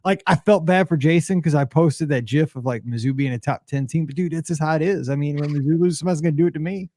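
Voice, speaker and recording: A man in his forties co-hosting a podcast, telling stories in an animated, excitable way and saying "dude" often. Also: a little high, fast talker. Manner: excitable, animated storytelling, says "dude" a lot. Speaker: podcast co-host. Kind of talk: casual chat.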